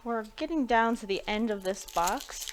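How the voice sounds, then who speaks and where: A woman's voice: fairly high pitch, expressive, moderate pace, noisy background. A woman chatting casually on a live stream while opening card packs, thinking aloud and laughing between remarks. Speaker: live-stream pack opener.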